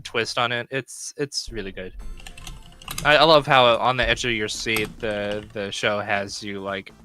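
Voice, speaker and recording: A guest on a stream chatting casually, laughing often and speaking with enthusiasm, with quick restarts. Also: medium pitch, steady tone, bright, forceful tone, slight background noise. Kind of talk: casual chat.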